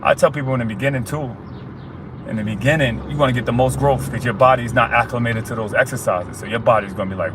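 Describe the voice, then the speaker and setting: Man, mid pitch, streetwise motivational streamer, speaking outdoors with faint traffic behind. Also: fast talker, pauses often. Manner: streetwise motivational, repeats "you heard?". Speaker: fitness streamer. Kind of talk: casual livestream talk.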